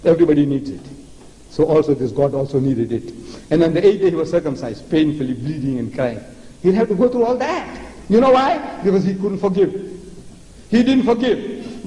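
An older man from South Africa lectures to a crowd with sarcastic, theatrical mockery. His voice sits high but sounds mellow. It rings through a big hall with a long reverb. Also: lively intonation, moderate pace. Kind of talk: public religious lecture. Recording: echoey lecture hall with faint noise.

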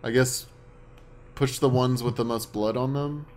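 A man's voice: medium pitch, fairly even intonation, a little hiss or hum. A young man co-hosting a let's play, chatting dryly and giving blunt directions. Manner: dry, unhurried, gives blunt directions. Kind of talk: casual gameplay commentary.

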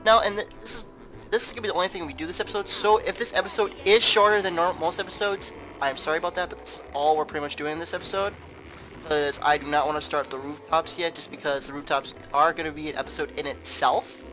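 A man narrates his game playthrough in a casual, rambling way, repeating words as he goes. His voice sits a little high. Game music plays clearly behind him. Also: steady tone, fast talker, pushed and bright, rough recording. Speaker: gameplay commentator. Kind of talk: casual let's play commentary.

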